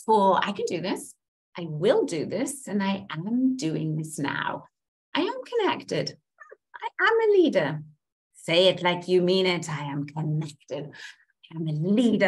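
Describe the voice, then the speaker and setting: A woman coach leading a group through tapping, speaking repeated affirmations in a slow, chant-like way. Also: medium pitch.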